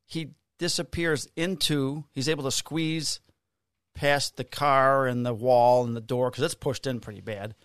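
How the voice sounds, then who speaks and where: A man's voice: medium pitch, steady tone, unhurried, a bit bright, clean tone, no echo, clean studio sound. A middle-aged man on a podcast, casually telling a work story, swearing freely and acting out the people he quotes in a raised voice. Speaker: podcast co-host, police officer.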